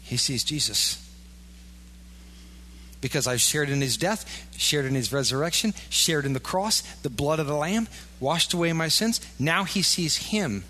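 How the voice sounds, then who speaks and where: Conversational pastor in a reverberant hall. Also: male voice, fairly high pitch, expressive, measured pace, pushed and bright. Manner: conversational, acts out imagined inner voices. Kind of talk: sermon.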